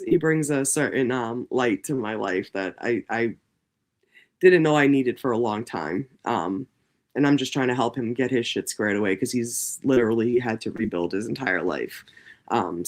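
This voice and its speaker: A man hosting a casual livestream, talking in a rambling, heavily profane way with lots of fillers. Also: medium pitch. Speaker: livestream host.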